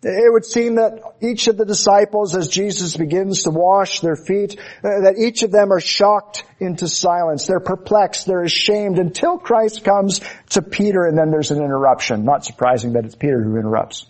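Fervent preacher, a man with a higher voice. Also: a little mellow. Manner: fervent, emphatic preaching with slowed, stressed phrases. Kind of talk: expository sermon.

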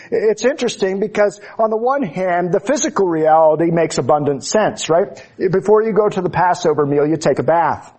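A man preaching an expository sermon, his voice sitting a little higher than most men's. He talks with fervent, emphatic conviction and often slows right down to press a phrase home. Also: sing-song, darkish tone.

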